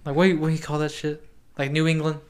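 Rambly guy, kinda high voice, swears a lot, casual chat. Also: level tone, fast talker. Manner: rambling, loose, lots of filler and profanity.

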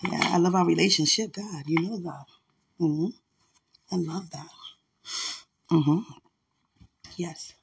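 Playful, husky-voiced woman chatting on her phone. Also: on the low side, slow, long pauses. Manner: playful, chatty, teasing, laughs often. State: a little out of breath. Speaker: podcast host. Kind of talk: casual phone chat while getting ready.

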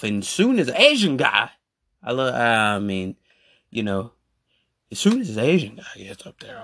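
A man ranting casually in a voice message, animated and repetitive with slang. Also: mid-range voice, a little slow. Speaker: podcast host. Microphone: phone voice message.

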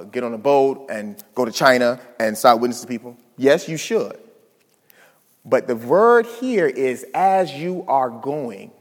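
Preacher man in a reverberant hall. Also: medium pitch. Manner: explains step by step with rhetorical questions. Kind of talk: teaching sermon.

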